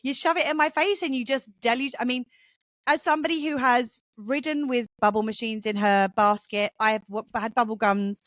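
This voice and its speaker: A woman's voice: a little high, brisk, no room sound. Chatty woman on a dry remote call. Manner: rambling, animated, acts out quoted voices. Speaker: podcast co-host. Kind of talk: casual conversational podcast.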